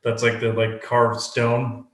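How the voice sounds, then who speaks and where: A man describing beings he sees in a channeling session, speaking in a halting, searching way. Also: mid-range voice, monotone, fairly bright tone. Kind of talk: casual spoken channeling session. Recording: roomy echo.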